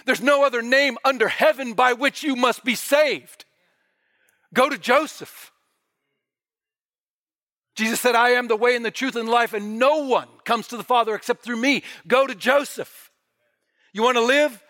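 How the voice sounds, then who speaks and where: Man preaching a sermon, highish bright voice, gets loud then goes real quiet. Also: normal speed, long pauses. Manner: fervent, rising and falling in volume.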